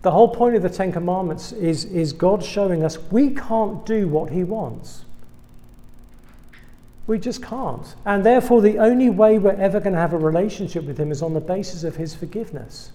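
A man's voice: sits high, moderate pace, warm tone. A man from England with an English accent, a guest preacher giving a humorous sermon to students, full of self-deprecating, wry asides.

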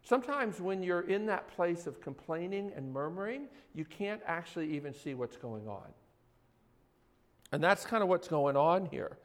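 Animated male preacher in a reverberant hall. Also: sits high, moderate pace. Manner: animated, conversational, asks the audience questions. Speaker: pastor. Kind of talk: sermon.

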